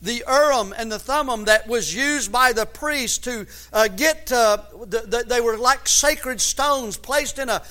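A man preaching a sermon as pastor, building to loud emphatic runs and often repeating words as he searches for the next phrase. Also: very high voice, a little slow, few pauses.

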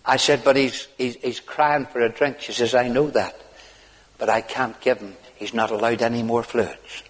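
A middle-aged man with a Northern Irish accent preaching a hellfire sermon. He swings from hushed low tones up to high, shouted pleading. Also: fairly even intonation, moderate pace. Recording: long hall reverb.

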